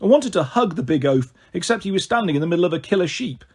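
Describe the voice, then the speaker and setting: A man reading a novel aloud in first person, with expressive, animated narration. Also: high voice, quick pace, slightly rough. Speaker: storyteller.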